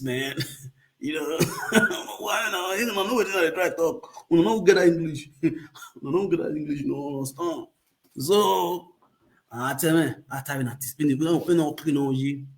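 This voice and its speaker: A man with a Nigerian accent hosting a casual livestream chat, rambling, repeating catchphrases and laughing often. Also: on the high side. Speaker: livestream host.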